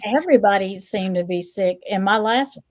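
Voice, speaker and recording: A woman hosting a casual livestream chat, who repeats her phrases, greets viewers and reads out their comments. She is still a little hoarse. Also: medium pitch, normal speed, a little mellow. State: recovering from hoarseness. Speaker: stream host and tarot reader.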